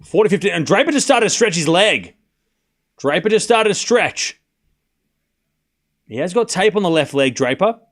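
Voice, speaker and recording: Hosting a tennis watchalong, a male streamer offers casual, excitable play-by-play commentary live. His voice is fairly high with lively pitch swings, and quick jokes fill the gaps between points.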